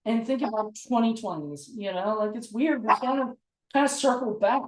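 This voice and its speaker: A woman hosting a casual film discussion, chatty and quick to laugh, often slipping into quoted voices. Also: a little high, darkish tone. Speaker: podcast host. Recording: roomy echo.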